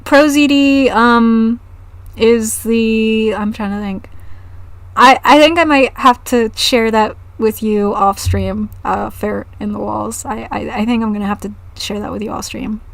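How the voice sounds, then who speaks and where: Woman streamer, a bit high-pitched, loose and giggly, rambling chat with casual swearing. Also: fairly even intonation, measured pace, vocal fry, dry recording.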